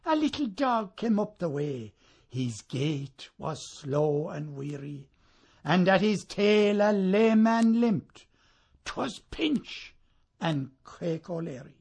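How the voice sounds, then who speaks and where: Slow, husky man reciting a ballad. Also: high-pitched, very animated. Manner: measured, lines trailing off softly at the ends. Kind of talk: poetry recitation.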